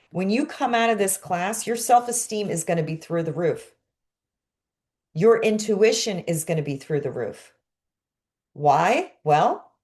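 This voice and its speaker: A middle-aged woman with a Brooklyn accent teaching an online class, energetic and expressive, sometimes dropping to a hush for emphasis. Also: fairly low pitch. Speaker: creativity coach.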